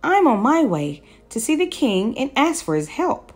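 An eager little bear cub from a storybook, voiced by a woman reading aloud. He talks with a raised, bright-toned earnestness, eager to help, and pitches up higher when excited. She lets his voice swing lively and wide. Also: moderate pace, soft background music. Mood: earnest. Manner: earnest, stammers when nervous.

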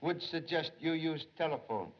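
Charlie Chan, a terse, formal detective. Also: male voice, fairly high pitch, moderate pace, slightly rough. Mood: calm. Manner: terse, clipped, drops articles, formal. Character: calm, aphoristic middle-aged male detective. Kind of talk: 1930s film acting. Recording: dull 1930s film soundtrack.

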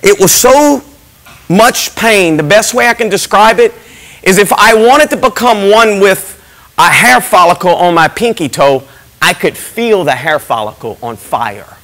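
A middle-aged man, a pastor giving an impassioned testimony in a church service, moving from hushed emphasis to shouting. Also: high voice, animated, a little slow, low-quality recording.

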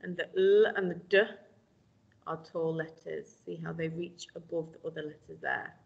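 A woman teaching a phonics lesson to young children, sounding out letters slowly and clearly. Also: sits low, steady tone, highs cut off. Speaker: primary school teacher.

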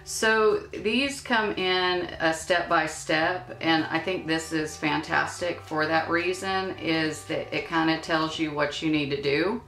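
A woman's voice: low-pitched, steady tone, slow, vocal fry, hardly any pauses. A woman chatting casually through a makeup unboxing, with playful asides. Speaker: beauty vlogger. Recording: echoey room with soft music.

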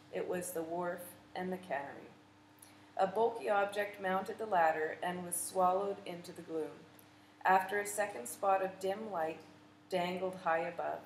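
Woman reading a memoir aloud, echoey. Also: on the low side. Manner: measured, vivid storytelling. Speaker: audiobook reader. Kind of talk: literary audiobook narration. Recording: echoey room with faint noise.

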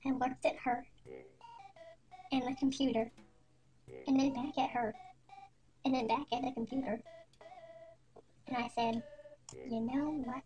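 A woman narrating a parody storytime in a quiet, deadpan, mock-serious way. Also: sits high, unhurried, pauses often, muffled recording. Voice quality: quiet, soft-spoken. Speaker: storytime animator. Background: faint music.

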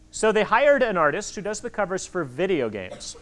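A man in his forties giving an animated talk to children at a library, acting out the voices in his stories. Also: high-pitched, normal speed, hardly any pauses, a faint crowd, a little hiss or hum. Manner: animated storytelling, acts out quoted voices. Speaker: author speaking to kids. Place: public library hall. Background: audience of children.

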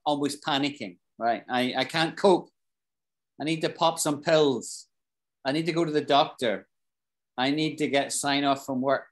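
A British man teaching an English class, explaining expressions slowly, repeating key phrases and asking his students questions. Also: medium pitch. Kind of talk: live online English lesson.

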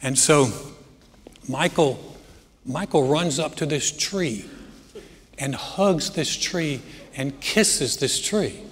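A middle-aged man preaching a sermon as pastor, telling family stories and growing animated as he jokes. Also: on the high side. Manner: storytelling, animated when joking. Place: church hall. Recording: church hall with long reverb.

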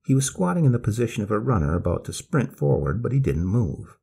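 A man reading a story aloud in a slow, measured manner. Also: medium pitch, sing-song, gravelly, warm tone, slightly rough.

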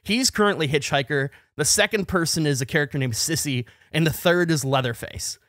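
High-voiced man telling a lively story. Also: fairly quick, dry recording, studio quality. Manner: animated, acts out shouting matches. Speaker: podcast co-host. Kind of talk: casual storytelling.

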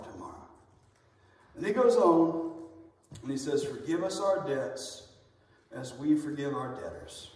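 A man preaching a sermon with passion, building to near-shouts on the points he stresses. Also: mid-range voice. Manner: impassioned, rising to near-shouts on emphatic lines. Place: church sanctuary. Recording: echoey church hall, voice from far off.

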